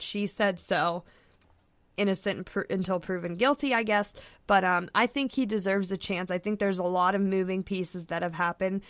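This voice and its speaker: Appearing as a guest on a podcast, a female soccer writer speaks in a chatty way packed with fillers and restarts. She has a lowish voice, and the recording is dry.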